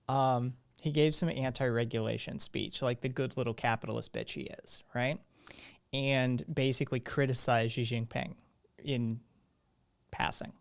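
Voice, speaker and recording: A man hosting a live stream, his voice still hoarse, talking in a rambling, sardonic way and swearing freely. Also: medium pitch, steady tone, a little slow. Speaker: live-stream show host. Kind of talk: casual live-stream commentary.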